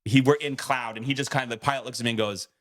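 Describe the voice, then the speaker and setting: A man's voice: medium pitch, fairly even intonation, racing. A man co-hosting a podcast, telling a story in a casual way, acting out quoted lines and swearing freely. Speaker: podcast co-host.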